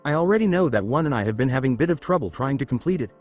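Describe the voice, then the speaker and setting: A man voices a brash young boy ninja in a fan storybook telling. The lines are read plainly, with the pitch moving freely up and down. Faint music plays underneath. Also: expressive, very fast, darkish tone, lightly acted. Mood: eager.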